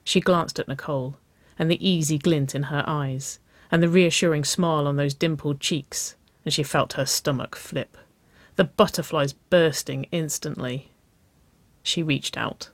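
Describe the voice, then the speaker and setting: A woman with a low voice reading a story aloud in a slow, steady way. The recording is dry and close, with no room sound. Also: dry recording. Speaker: narrator.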